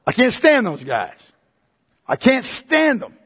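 A man preaching a sermon as pastor, emphatic and repetitive, swinging between loud and hushed delivery. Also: very high-pitched, huge pitch swings, slow, husky, big-room sound.

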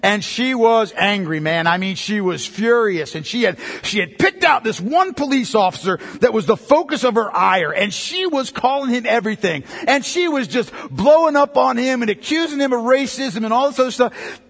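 High-voiced preaching man in a reverberant hall. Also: expressive, normal speed. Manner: swings from loud emphatic to quiet and low. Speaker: pastor. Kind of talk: sermon.

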